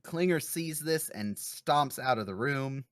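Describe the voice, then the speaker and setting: A podcast host giving a lively, chatty episode recap, with frequent fillers and quick laughs. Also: mid-range voice, no echo, clean studio sound.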